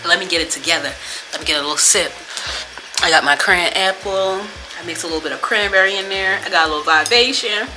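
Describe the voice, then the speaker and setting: A woman's voice: on the low side, fast talker, over music. A young woman vlogger talking casually and venting, with a lot of profanity and frustration.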